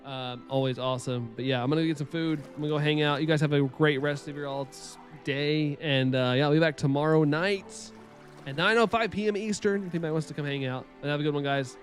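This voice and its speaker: A man's voice: a little high, brisk, faint music behind. A man chatting casually with his live-stream viewers, rambling and laughing often.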